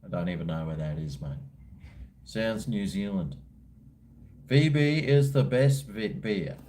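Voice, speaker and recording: Aussie man, mellow tone, rambling livestream host chatting with viewers. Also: fairly low pitch, lively intonation, a little slow, a little hiss or hum. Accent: Australian. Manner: rambling, laid-back, slangy. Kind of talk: casual chat answering viewers live.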